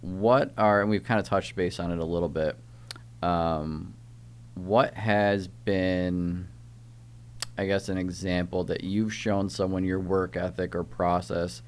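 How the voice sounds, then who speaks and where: A male podcast host with a notably deep, low-pitched voice. He backs his guest with easy agreement and strings his questions together loosely, in casual chat. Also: fairly even intonation, takes it slowly. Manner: agreeable, affirming listener who asks rambling questions. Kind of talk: casual interview conversation.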